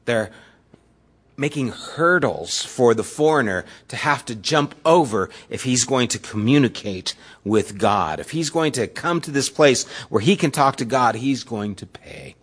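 A male pastor delivers a sermon at an unhurried pace. His pitch sits in the middle range, and he retells scripture in relaxed, everyday words, as if chatting with his congregation. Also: husky.

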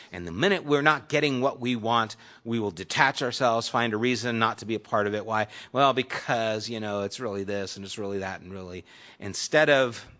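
Bright-voiced man preaching conversationally. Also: on the low side, highs cut off. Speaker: pastor. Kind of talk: sermon, Bible teaching.

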